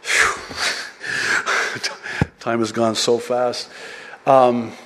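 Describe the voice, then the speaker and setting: A man in his forties preaching a sermon as pastor, lively and animated, rising high and loud as he gets excited. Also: very slow. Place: church sanctuary during a service. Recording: long reverb of a church hall.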